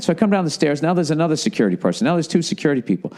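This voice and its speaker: A middle-aged man with a Boston accent hosting a podcast, telling a comedic story with swearing and acting out other people. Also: very fast. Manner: profane, animated, acts out quoted people in higher voices. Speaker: podcast host.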